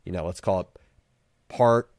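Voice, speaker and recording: A man hosting an interview, calmly summarizing and posing questions. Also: low voice, moderate pace, no room sound, clean studio sound. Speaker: podcast host. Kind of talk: interview conversation.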